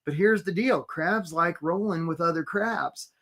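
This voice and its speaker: A man, a career coach, hosting a live webinar in an energetic, chatty way and calling out attendees by name. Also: fairly high pitch, measured pace.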